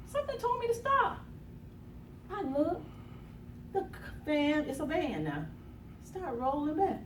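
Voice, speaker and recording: Animated woman telling a dramatic story. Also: very high voice, measured pace, pauses often, a little hiss or hum. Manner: animated, acts out quotes, gasps and laughs. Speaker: motivational speaker. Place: conference room. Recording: echoey room from a distance.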